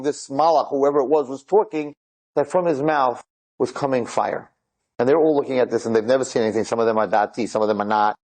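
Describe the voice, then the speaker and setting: In poor-quality audio, a man with a medium pitch animatedly recounts dramatic tales for an audience, performing the quoted dialogue and frequently wandering into asides.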